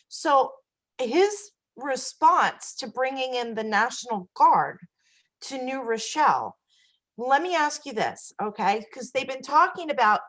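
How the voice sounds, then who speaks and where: A woman co-hosting a casual web talk show, animated and gossipy, laughing often. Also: on the high side, rough recording. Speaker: co-host.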